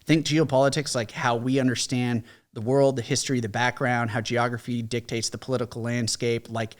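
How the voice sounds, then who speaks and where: An American man in his forties, a veteran guest telling stories in a casual interview, animated, acting out quotes with many fillers. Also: mid-range voice, a little fast. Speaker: podcast guest, combat veteran.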